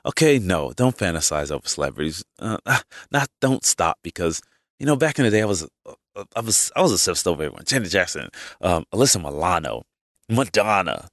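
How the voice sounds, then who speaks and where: A man's voice: deep voice, sing-song, brisk, fairly bright tone, dry recording, studio quality. A man hosting his podcast, talking casually through a rambling opinion monologue with many restarts and asides. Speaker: podcast host.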